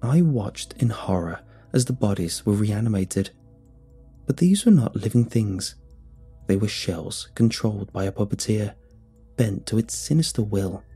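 Husky-voiced man narrating a horror tale. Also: fairly low pitch, measured pace, warm tone, soft background music. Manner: dramatic, suspenseful reading. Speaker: storyteller. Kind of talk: first-person horror story narration.

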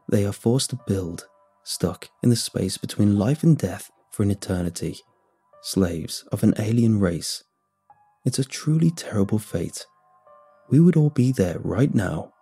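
A man voicing a calm, menacing male government agent who talks in a cool, measured, threatening way. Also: on the low side, breathy edge.

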